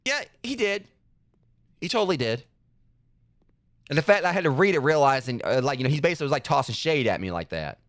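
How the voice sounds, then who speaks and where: Man, game streamer, rapid speech, dry close sound, sarcastic, voice leaps up when annoyed. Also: very animated, fairly bright tone, dry recording. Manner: sarcastic, jumps high in pitch when exasperated. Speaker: gaming streamer. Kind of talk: live gameplay commentary.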